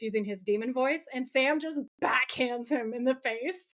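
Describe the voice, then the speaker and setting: A woman with a fairly high voice co-hosts a podcast, walking through a TV episode scene by scene. She tells it dramatically and animatedly, gushing and swearing when excited. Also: fairly quick, hardly any pauses. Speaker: podcast co-host. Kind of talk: casual TV episode recap chat.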